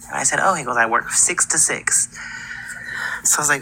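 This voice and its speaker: A woman's voice: extremely low pitch, a little fast, sharp tone, slight background noise, rough recording. A woman in her twenties from California, a caller on a live show telling a ghost story in a chatty way and acting out the people in it. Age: 20s. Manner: chatty, acts out quoted dialogue. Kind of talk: casual storytelling.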